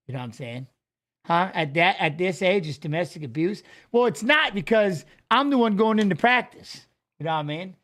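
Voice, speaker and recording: Guy with a high voice rambling and cussing on a livestream, jokey. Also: a bit bright. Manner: rambling, profane, joking. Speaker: show host. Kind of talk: casual livestream chat.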